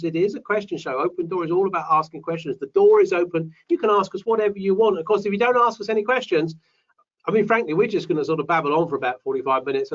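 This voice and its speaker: Brief: British male host, chatty and upbeat, higher voice, recorded off-mic and dull. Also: a bit bright, far from the mic. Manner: chatty, reads out viewer names. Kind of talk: live webinar chat.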